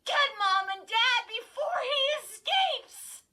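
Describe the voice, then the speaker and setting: A woman's voice: extremely high pitch, animated, takes it slowly, pushed and bright, voice pushed up, full character voice. A woman voicing a terrified young girl who cries out in panic and desperation. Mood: desperate. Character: terrified young girl fighting a living dummy.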